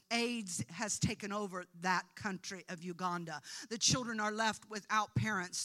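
A woman preacher tells a personal mission story to her congregation. Her voice is bright and clear. She moves between quiet narration and loud, emphatic preaching, and she laughs at herself along the way. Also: medium pitch. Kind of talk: sermon testimony.

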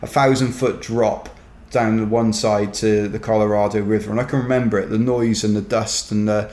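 Welsh guy rambling through a funny story, kinda low voice, lots of "you know", echoey room. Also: flat delivery, moderate pace, a little mellow. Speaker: ultrarunner guest. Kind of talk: casual anecdote telling. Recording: roomy echo.

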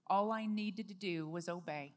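A woman being interviewed, telling a personal faith story in a lively, earnest way. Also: lowish voice, moderate pace. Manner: lively storyteller, acts out quoted speech; earnest, heartfelt. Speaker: guest.

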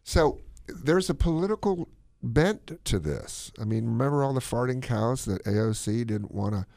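A man co-hosting a podcast, talking his opinions in a casual, animated way. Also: mid-range voice, normal speed, gravelly, dry recording, studio quality. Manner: animated, opinionated, drops into playful put-on accents. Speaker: podcast co-host.

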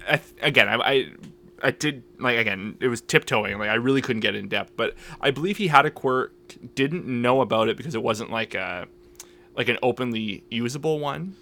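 Man, bright tense voice, animated, rambling podcast chat. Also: medium pitch, moderate pace. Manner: animated, rambling, acts out lines. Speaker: podcast co-host. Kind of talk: casual chat.

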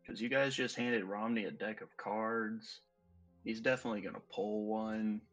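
A man playing a tabletop game over a video call, playful and quick to laugh. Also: on the low side, fairly even intonation, a bit bright, faint music behind. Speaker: player.

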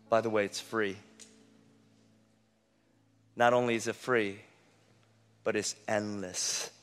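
Impassioned guy preaching, goes loud then hushed, big echoey church hall with soft music under it. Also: fairly low pitch. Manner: impassioned, swinging between loud emphasis and hushed intensity. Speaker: pastor. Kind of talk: sermon.

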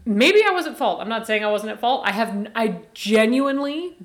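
Animated, swearing woman telling a story. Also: on the high side, brisk. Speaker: podcast co-host. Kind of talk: casual chat.

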